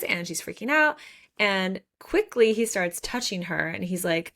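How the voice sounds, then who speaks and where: Woman podcast co-host, fry in the voice, lively book-chat delivery. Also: mid-range voice, unhurried. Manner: animated, reads quotes aloud with laughs.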